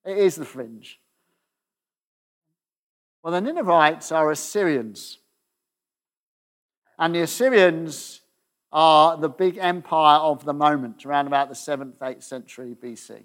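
A man's voice: unhurried, long pauses. Man preaching a chatty sermon. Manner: conversational, asks the audience questions with tag "okay?"; drops to a soft low voice at the ends of phrases.

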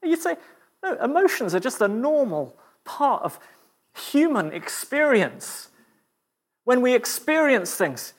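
A middle-aged man preaching a sermon, animated with frequent stumbling restarts, then praying softly to close. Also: extremely high pitch. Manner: animated, stumbling restarts, dropping to a hushed prayer.

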